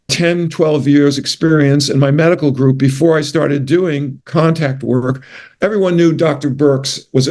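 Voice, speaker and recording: An older man with a New York accent tells stories in a casual interview. His voice sits a little high for a man. He rambles from one anecdote to the next and often corrects himself mid-sentence. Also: a little mellow. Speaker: guest, retired physician.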